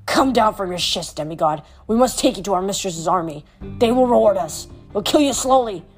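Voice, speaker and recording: A woman's voice: mid-range voice, lively intonation, brisk, soft background music, close to an everyday voice. A woman doing Wheat, a gloating grain spirit. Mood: menacing. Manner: threatening, gloating. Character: greedy male grain spirit, menacing.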